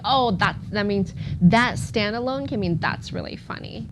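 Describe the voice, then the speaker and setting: A woman co-hosting a language lesson, explaining tone rules in an upbeat way and repeating words slowly for practice. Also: mid-range voice, background noise. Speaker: language teacher and co-host. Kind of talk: teaching tone rules in casual chat.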